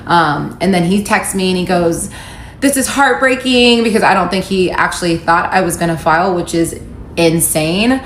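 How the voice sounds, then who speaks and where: A woman's voice: fairly low pitch, steady tone, normal speed. A young adult woman telling a personal story in a candid, wry way, quoting messages in her own voice. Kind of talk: casual storytelling to camera. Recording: echoey room with faint background noise.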